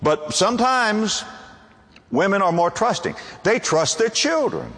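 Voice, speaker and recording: An older man preaching a sermon, with wide swings in pitch and slow, drawn-out emphasis. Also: very animated, fairly bright tone, big-room sound.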